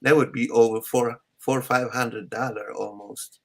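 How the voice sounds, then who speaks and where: Halting man with a gravelly voice. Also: mid-range voice, fairly even intonation, background noise. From abroad. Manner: halting, many restarts and fillers. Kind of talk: casual group chat.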